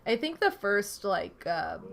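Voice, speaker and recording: Woman, live-stream host, casual rambling chatter, lively swooping delivery, quick to laugh. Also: medium pitch. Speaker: streamer hosting a movie night. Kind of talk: casual live-stream chat over a movie.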